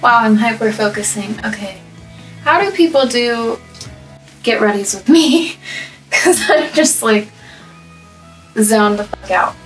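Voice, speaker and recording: A woman's voice: on the high side, expressive, slow pace, pauses often, recorded from a distance, soft background music, low-quality recording. A young woman vlogger telling casual story times while coloring her hair, chatty and laughing often, trailing off and restarting, with a microphone set up by the camera. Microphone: microphone placed up by the camera.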